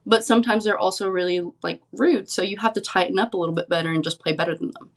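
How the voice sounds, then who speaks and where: A woman's voice: medium pitch, fairly even intonation, fast talker. A young woman, a professional poker player, chatting as an interview guest and telling stories with lots of "like" and "um". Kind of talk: casual interview chat.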